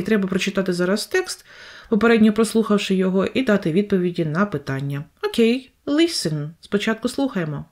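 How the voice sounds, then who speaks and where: A woman's voice: mid-range voice, a little mellow. Ukrainian woman teaching English. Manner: explains each step twice, in English then Ukrainian. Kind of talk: explaining a textbook lesson.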